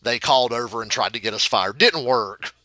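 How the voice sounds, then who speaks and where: A young man commenting over a wrestling video game, telling a rambling, profane story that breaks into shouts. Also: mid-range voice, animated, fairly quick, a little hiss or hum. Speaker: gaming channel host.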